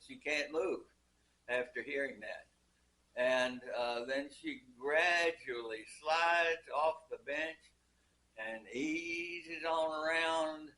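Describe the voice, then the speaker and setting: An older man telling a long joke as a story, pausing a lot and restarting his sentences. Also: a little high, pushed and bright, low-quality recording. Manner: hesitant, many fillers and restarts.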